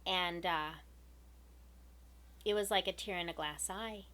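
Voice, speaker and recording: A woman earnestly telling a personal story to her viewers, emotional and unhurried. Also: on the low side, sharp tone. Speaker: vlogger.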